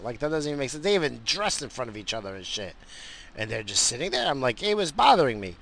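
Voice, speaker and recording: A man's voice: medium pitch, big pitch swings, fast talker, creaky, fairly bright tone. A man ranting in a casual, profane, rambling way, with lots of fillers, as if talking from his car.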